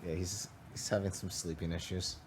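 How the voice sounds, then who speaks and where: A man with a very deep voice talks in an easy, low-key way in a late-night chat. The recording is a live-feed capture with clear hiss behind it. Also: level tone, normal speed. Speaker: reality show houseguest.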